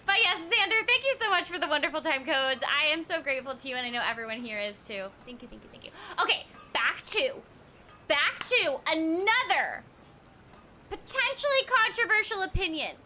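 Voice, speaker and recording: High, bubbly streamer woman, lively pitch. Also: moderate pace, a little hiss or hum. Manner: bubbly and giggly, chatting with her viewers; playful and self-teasing. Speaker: voice actor streaming a game. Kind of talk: casual live-stream chat. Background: game music.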